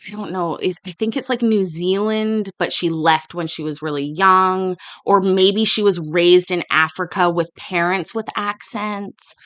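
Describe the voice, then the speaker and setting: Chatty woman commenting, low voice. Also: steady tone, measured pace, hardly any pauses, fairly bright tone, dry recording. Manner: rambling, full of restarts and asides. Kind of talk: casual commentary on court footage.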